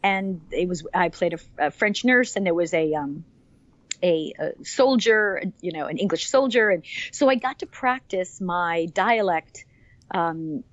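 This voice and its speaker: A woman's voice: fairly low pitch, lively intonation, unhurried, no room sound, muffled recording. A woman in her fifties, an actress being interviewed for a podcast, talking with enthusiasm and rambling through many fillers and restarts. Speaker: actress guest.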